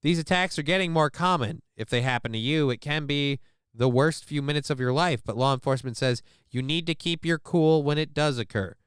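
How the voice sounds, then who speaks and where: A man's voice: a little high, fairly quick, clear, resonant tone, dry recording, clean studio sound. A man hosting a stream, reading out a news story and reacting to it with rambling, profane jokes. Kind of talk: casual crude reaction commentary.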